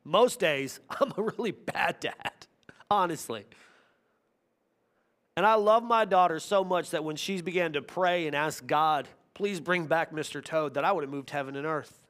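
A man preaching a sermon as pastor, telling personal stories with earnest feeling and swinging from loud to hushed. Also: fairly high pitch, moderate pace.

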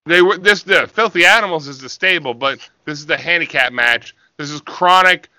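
A man co-hosting a podcast with a high, very bright, sharp voice. He is sarcastic and profane and full of wrestling trivia. The sound is dry and close. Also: normal speed, dry recording. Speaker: podcast co-host. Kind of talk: crude comedic podcast banter.

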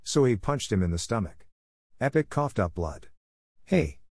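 A man reading an action story aloud in a steady, plain narration. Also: fairly low pitch, normal speed, dry recording, studio quality.

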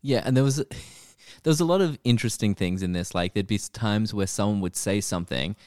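A man's voice: on the low side, brisk, darkish tone, no echo, clean studio sound. A man co-hosting a podcast, joking and mocking himself in casual chat. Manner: self-mocking, jokey. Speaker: podcast co-host.

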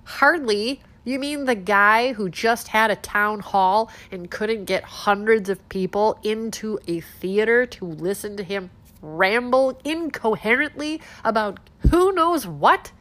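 A woman hosting casual political commentary, sarcastic and animated, firing off rhetorical questions with a stuffed-up nose. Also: medium pitch, measured pace.

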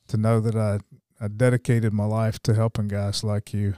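A man hosting a podcast interview, encouraging and gently probing his guest. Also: on the low side, flat delivery, normal speed, hardly any pauses, clear, resonant tone, no echo, studio quality. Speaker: podcast host.

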